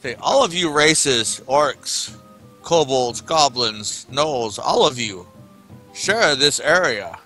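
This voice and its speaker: Bright-voiced man playing a diplomat. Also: medium pitch, takes it slowly, faint music behind. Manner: steady, earnest speechmaking. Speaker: player. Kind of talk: in-character tabletop role-play.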